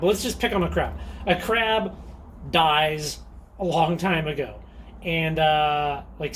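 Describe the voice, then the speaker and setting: A man's voice: on the high side, a little hiss or hum. A man hosting a casual show-and-tell vlog who talks in a chatty, enthusiastic way, with frequent ums and little laughs. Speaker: rockhounding channel host.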